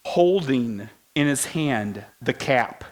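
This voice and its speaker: A man's voice: mid-range voice, expressive, slow pace. A young man preaching, telling a funny personal story and laughing at himself. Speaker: pastor.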